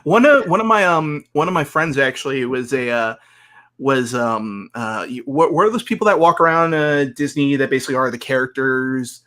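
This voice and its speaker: A co-host in casual chat, excitable and halting, full of fillers. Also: mid-range voice.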